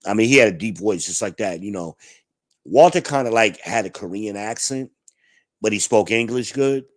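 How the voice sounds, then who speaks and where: A man's voice: lowish voice, normal speed, no room sound, clean studio sound. A man in his forties telling blunt, profane stories in a laid-back, casual vlog monologue. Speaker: vlogger.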